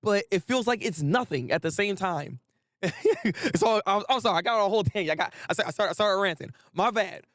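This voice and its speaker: High-voiced animated man ranting. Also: brisk, no echo, clean studio sound. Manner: animated, repetitive, laughs often, swears casually. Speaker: anime commentary host. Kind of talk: casual ranting commentary with live chat.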